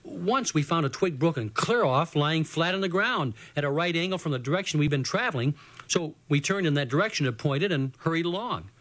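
A man's voice: on the high side, lively intonation, brisk, a bit bright. A man reading a children's adventure story aloud in a folksy first-person voice, as the show's storyteller.

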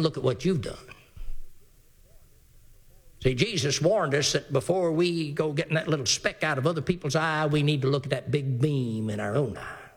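A man preaching a sermon in an animated way, acting out the characters in the story and reading scripture in a slow, measured cadence. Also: a little high, creaky. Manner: animated preaching, acts out Bible characters' voices; reads scripture in slow King James cadence.

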